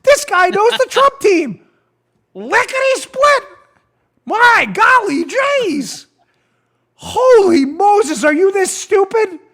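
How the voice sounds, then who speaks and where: A man putting on the voice of a dim, gee-whiz male FBI agent who gasps out goofy exclamations in a high voice. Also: sing-song, slow pace, pushed and bright, heavily acted. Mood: goofy amazement.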